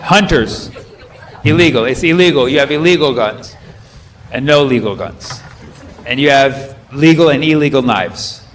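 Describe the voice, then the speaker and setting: A man in his thirties, a stand-up comedian doing loose crowd work, riffing and firing quick questions at the audience from the stage. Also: medium pitch, lively intonation, slight background noise. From United States.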